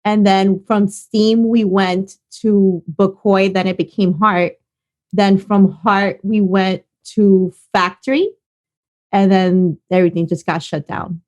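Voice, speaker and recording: A woman event promoter, a podcast guest chatting casually with quick replies and frequent laughs. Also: medium pitch, fairly even intonation, a little mellow, lo-fi sound. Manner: quick back-channel replies, laughs often. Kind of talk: casual interview chat.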